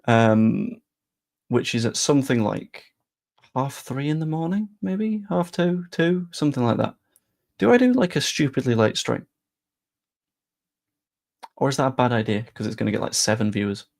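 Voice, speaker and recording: Young male streamer, mid-range voice with noticeable vocal fry, casual rambling chat delivery. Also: medium pitch, lively intonation, normal speed, pauses often, darkish tone. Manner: rambling, chatty, self-deprecating asides. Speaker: football channel streamer.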